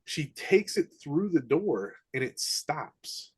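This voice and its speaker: A man's voice: a little high, sing-song, slow, darkish tone, slightly rough, dry recording. A man, a podcast guest, animatedly recounting eerie experiences in casual, slangy speech. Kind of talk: casual storytelling.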